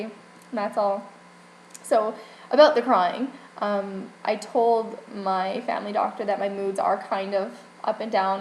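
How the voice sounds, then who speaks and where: A woman's voice: a little high, darkish tone, a little hiss or hum. A young woman vlogging candidly about her health, emotional and rambling, with frequent restarts and laughs. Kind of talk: personal health vlog. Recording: echoey room with faint ambience.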